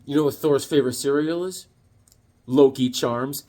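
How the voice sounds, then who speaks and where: A man's voice: medium pitch, lively intonation, moderate pace, warm tone. A man hosting a casual comic book review, rambling and telling corny jokes as he talks. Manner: rambling and jokey, full of corny puns and asides. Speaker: comic book collector and channel host.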